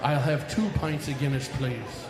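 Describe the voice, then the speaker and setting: A man's voice: medium pitch, fairly even intonation, measured pace, long reverb tail, crowd noise, pitched below the performer's own voice, lightly acted. A man voicing a sly Irishman in a pub joke, using a put-on Irish brogue with "aye" and "me father".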